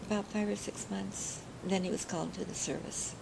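A woman's voice: mid-range voice, fairly even intonation, fairly quick, creaky, background noise. An older woman telling family stories in an oral history interview, chatty and laughing often.

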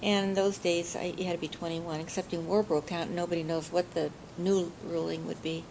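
Older woman with a gravelly, low voice. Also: flat delivery, brisk, noisy background. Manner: chatty, often laughing while recalling. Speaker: interviewee. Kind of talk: oral history storytelling.

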